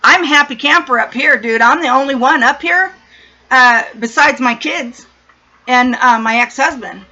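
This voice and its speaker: A woman's voice: high-pitched, a little slow, bright, forceful tone. A middle-aged woman from San Diego telling a story in casual, blunt, profane chat. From San Diego, USA. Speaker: vlogger. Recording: dull lo-fi recording.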